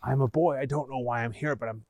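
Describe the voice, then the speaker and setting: A man playing a wary boy hero stuck in a strange jail, in an audio story. He talks low-key and guarded, in a mid-pitched voice with a dry, close sound. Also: steady tone, fast talker, a little mellow, dry recording, lightly acted.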